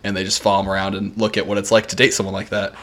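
A man's voice: lowish voice, monotone, racing, fairly bright tone. A man co-hosting a podcast in casual chat, who laughs often and acts out other people's voices. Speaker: podcast co-host.

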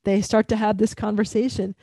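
Woman, warm mellow voice, casual chat, thoughtful, dry sound. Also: medium pitch, little pitch movement, brisk, dry recording. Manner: earnest, thoughtful agreement. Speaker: podcast co-host.

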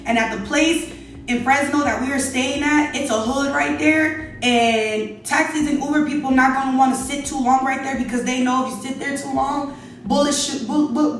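A woman's voice: sits high, far from the mic, slight background noise. A young adult woman telling a casual story, chatty and exasperated, talking straight to her viewers. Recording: very echoey room, away from mic, faint music.

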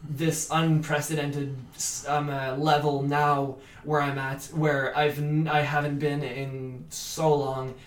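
A man's voice: fairly high pitch, flat delivery, takes it slowly, few pauses, distant mic. A young man, a guest actor, rambling casually with many restarts and "like"s. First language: French. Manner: rambling, stammering restarts, frequent "like". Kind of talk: casual interview chat. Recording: roomy echo.

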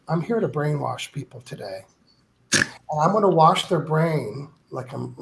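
Guy w a high gravelly voice, emphatic, acts out complaints in an interview. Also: lively intonation, moderate pace, slight background noise. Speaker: guest author. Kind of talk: animated interview talk.

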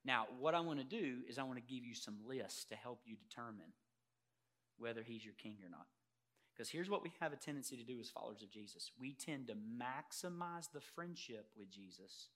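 A man preaching a sermon as pastor, emphatic, swinging from loud declarations to quiet earnest asides and putting questions straight to the congregation. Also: mid-range voice. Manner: addresses congregation directly with rhetorical questions.

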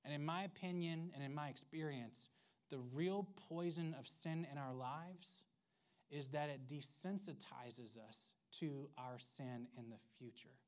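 A man's voice: on the high side, unhurried. A man preaching a sermon in a conversational, wry way, with playful asides. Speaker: pastor.

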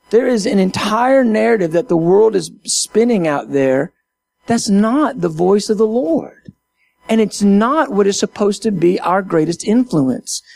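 Man, high-pitched, gravelly, Christian minister, emphatic sermon-like talk, repeats phrases. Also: a little mellow. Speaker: Christian minister speaking to his audience. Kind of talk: impassioned casual talk, half sermon.

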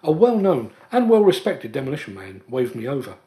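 A man hosting a podcast, telling a personal story in an earnest, measured way as a scripted monologue. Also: mid-range voice, big pitch swings, dark tone. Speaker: podcast host.

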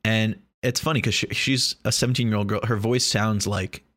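Rambling, foul-mouthed young man, low voice. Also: steady tone, normal speed, a bit bright, no echo, studio quality. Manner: rambling, profane, joking. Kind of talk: casual monologue.

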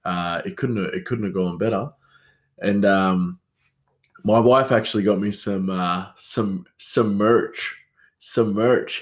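A man's voice: fairly low pitch, slow. A man, hosting a solo podcast in a rambling, self-mocking chat that answers itself. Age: 30s. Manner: rambling, self-mocking, talks back to himself. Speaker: podcast host.

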